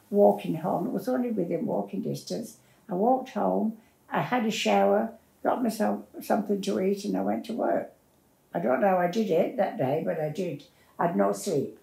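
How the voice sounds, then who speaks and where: A woman's voice: mid-range voice, normal speed, creaky, warm tone. An older woman, telling her life story in a plain-spoken, rambling way as an interviewee. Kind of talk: personal storytelling. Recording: roomy echo.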